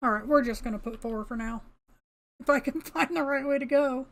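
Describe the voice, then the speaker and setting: High-voiced older woman chatting while gaming. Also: fairly quick. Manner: chatty, talks to herself, laughs often, mild cursing. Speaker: gamer. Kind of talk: casual gameplay commentary.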